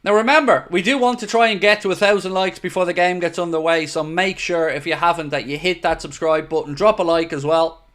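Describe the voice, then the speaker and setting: A man's voice: fairly high pitch, fairly even intonation, fairly quick, hardly any pauses, a bit bright. A young Irish man hosting a football watchalong stream, chatting casually and reading out viewer comments. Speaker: watchalong host.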